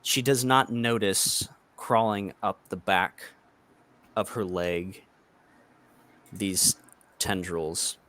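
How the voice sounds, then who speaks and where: A man narrating a tabletop game as the game master, deliberate and slow. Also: low voice, fairly even intonation, fairly bright tone, a little hiss or hum.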